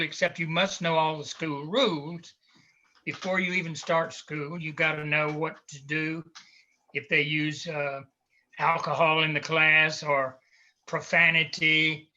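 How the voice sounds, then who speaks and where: Man, South Carolina Southern accent, lecture, very slow pace, bright tone. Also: on the high side, muffled recording. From South Carolina, United States. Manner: slow, deliberate, advisory, with fillers. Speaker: conference speaker. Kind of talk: lecture to visiting teachers.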